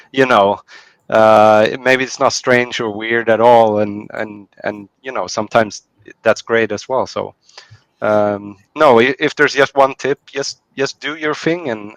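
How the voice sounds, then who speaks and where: A man's voice: on the low side, a bit bright, dry recording, poor audio. A man from Sweden, a music producer guest, giving earnest, hesitant answers in an interview. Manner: earnest, hesitant fillers and repeats.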